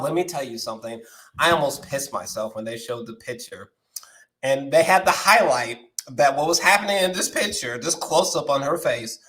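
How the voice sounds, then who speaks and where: A man giving a casual, excitable film review, laughing a lot, swearing and repeating himself in slangy talk. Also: fairly high pitch.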